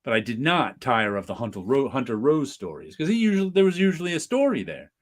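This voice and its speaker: A man's voice: medium pitch, sing-song, fast. A man hosting a casual podcast chat, joking and slipping into mock voices. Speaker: podcast host.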